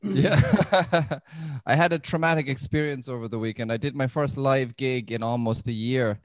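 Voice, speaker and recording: A man's voice: medium pitch, moderate pace, no room sound. An Irish man performing a stand-up set, self-deprecating and loose, often restarting his sentences. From Ireland. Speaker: stand-up comedian.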